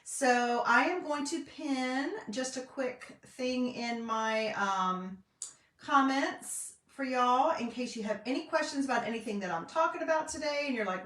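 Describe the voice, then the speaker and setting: A woman's voice: a little high, animated, moderate pace, a bit bright. Chatty Southern woman in an echoey craft room. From North Carolina. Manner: chatty, folksy, lots of fillers. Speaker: craft vlogger and independent designer. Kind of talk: casual live-stream chat. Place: home craft room, indoors. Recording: echoey room, voice a bit distant.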